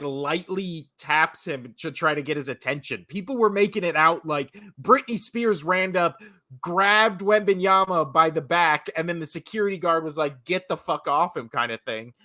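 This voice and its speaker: A man's voice: on the high side, bright, forceful tone. A man co-hosting a sports podcast in casual chat, blunt and swearing freely. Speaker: podcast co-host.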